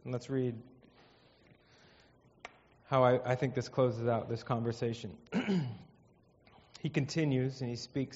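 A male pastor preaching a sermon in a conversational way, his voice swinging from hushed to emphatic. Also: mid-range voice, fairly even intonation, slow pace, pauses often. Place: church hall. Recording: dull, echoey hall.

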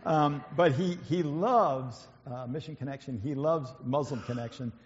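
In a large hall with a long reverb, a man speaks at a moderate pace from the front of a church, his voice on the high side. The informal, slide-supported sermon is hesitant and chatty, full of fillers and restarts, and the audio is dull and muffled.

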